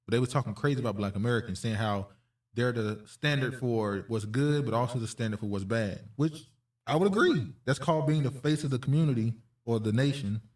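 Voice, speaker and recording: A man's voice: mid-range voice, a little fast, darkish tone. A man co-hosting a casual podcast, laid-back and chatty, often laughing. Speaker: podcast co-host.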